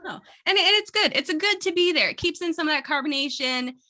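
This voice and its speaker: Bright, upbeat woman co-hosting a podcast. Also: sits high, expressive, a little fast. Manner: upbeat, chatty, laughs easily. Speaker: podcast producer and co-host. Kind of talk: casual podcast chat.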